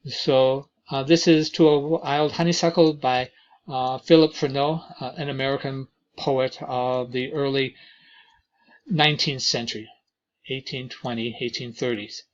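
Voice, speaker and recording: A man teaching an introductory lesson on poetry, talking slowly with frequent fillers and reading verses aloud. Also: mid-range voice, fairly even intonation, highs cut off. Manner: slow, deliberate delivery with many fillers and reading aloud of verses. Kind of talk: lecture on poetry.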